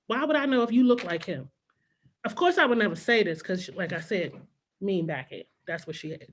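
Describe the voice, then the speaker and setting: A woman's voice: mid-range voice, animated, a little fast, a little hiss or hum. A middle-aged woman performing a stand-up comedy set on a club stage, telling childhood stories and acting out her mother and her younger self.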